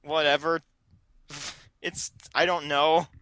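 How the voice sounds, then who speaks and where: A young man reading a fan story aloud for laughs with sarcastic, quick-witted asides. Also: a little high, level tone, a bit bright, clean tone. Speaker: co-host.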